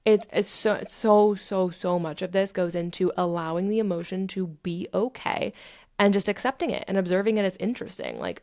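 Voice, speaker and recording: A woman's voice: medium pitch, big pitch swings, normal speed, mellow. A young adult woman hosting a podcast, talking through self-help tips in a candid, casual way, swearing freely and acting out her inner dialogue. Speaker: podcast host.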